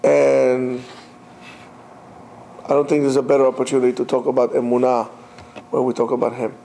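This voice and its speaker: Animated man teaching a Torah class. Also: mid-range voice, normal speed, vocal fry, a little hiss or hum. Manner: animated, mixes in Hebrew terms.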